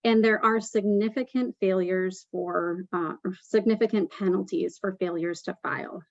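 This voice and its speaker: A woman's voice: medium pitch, fairly even intonation, moderate pace, gravelly, dry recording, lo-fi sound. A woman presenting a tax webinar, explaining step by step with frequent "um" fillers.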